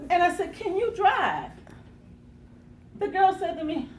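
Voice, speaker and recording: With a high voice, big pitch swings, normal speed, and long pauses, a female motivational speaker dramatizes a personal story, gasping and laughing as she acts out the quotes. It's captured from afar in an echoey conference room, with slight background noise.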